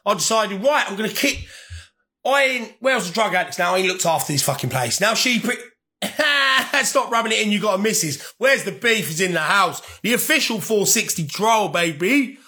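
A man's voice: high-pitched, bright, forceful tone. A young man chatting casually to his viewers, rambling and swearing, laughing often. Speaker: vlogger.

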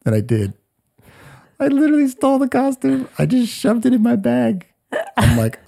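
A man in his forties telling a story in a podcast interview, animated and acting out what people said. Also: high voice, moderate pace, gravelly, pauses often. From United States. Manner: animated storyteller, acts out quotes. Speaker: guest.

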